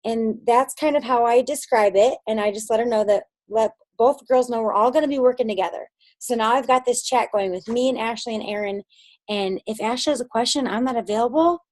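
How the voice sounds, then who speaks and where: A woman's voice: on the high side, darkish tone, no echo. A woman coaching her sales team in a casual talk. She acts out phone conversations and often checks that her listeners follow.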